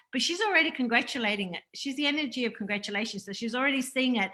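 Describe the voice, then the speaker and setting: A woman's voice: high voice, lively intonation, rapid-fire, hardly any pauses, bright, forceful tone, low-quality recording. A woman with an Australian accent hosting a spiritual interview, talking in an earnest, effusive way with many fillers. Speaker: host.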